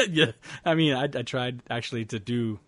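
A man's voice: mid-range voice, very animated, normal speed, fairly bright tone, dry recording. A man co-hosting a podcast in casual chat, laughing often and restarting his sentences. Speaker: podcast co-host.

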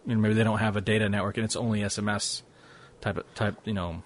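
A man's voice: lowish voice, level tone, fast. A man co-hosting a casual tech podcast, easygoing and joking, laughing along with his co-host.

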